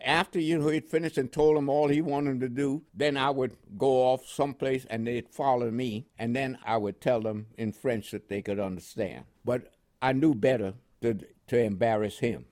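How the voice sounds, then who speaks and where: A man's voice: mid-range voice, steady tone, normal speed, darkish tone. Elderly man, war veteran, rambling storyteller, chuckles, interview. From Panama. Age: older. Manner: rambling, chuckling, restarts with "you know".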